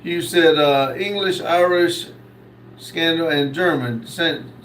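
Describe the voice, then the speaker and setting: Slow-talking man reading chat aloud. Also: on the high side, fairly bright tone, roomy sound, distant mic, a little hiss or hum, poor audio. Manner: slow, reads comments aloud with many uhs. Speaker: host reading live chat. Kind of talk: casual live stream chat.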